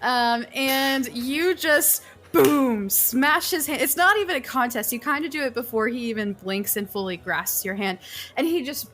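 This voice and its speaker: Lively woman game master. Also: sits high, moderate pace. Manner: lively, laughs often. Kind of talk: narrating a tabletop game.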